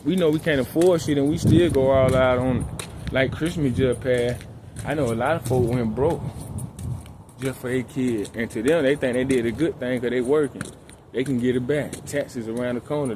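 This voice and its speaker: Man for a street vlog: calm, slangy, mid-pitched, walking outdoors at night, with traffic noise behind him. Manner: calm, laid-back, slangy. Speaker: vlogger. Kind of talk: casual motivational talk while walking. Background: traffic and outdoor ambience.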